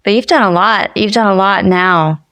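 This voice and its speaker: A woman's voice: mid-range voice, normal speed, a bit bright, no echo. A woman hosting an interview, giving brief acknowledgments and asking follow-up questions. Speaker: podcast host.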